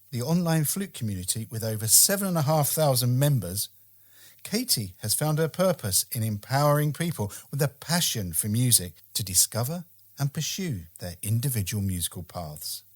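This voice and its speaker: Male podcast host, London accent, animated pitch, upbeat scripted intro read. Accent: London English. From England.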